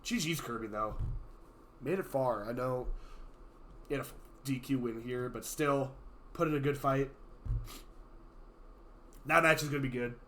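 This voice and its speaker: A man hosting and casting a live gaming tournament in a casual, chatty way, his voice a little hoarse from being sick, with sudden loud excited outbursts. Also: mid-range voice, a little slow, long pauses, slight background noise. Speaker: tournament host and caster. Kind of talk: casual live-stream commentary.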